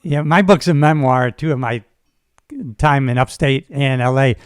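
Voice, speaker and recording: Male podcast host, relaxed and chatty with fillers; middle pitch, dry sound. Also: normal speed, smooth, dry recording. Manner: relaxed, conversational, with frequent fillers and affirmations. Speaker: podcast host, retired sheriff's deputy. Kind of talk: casual conversational interview.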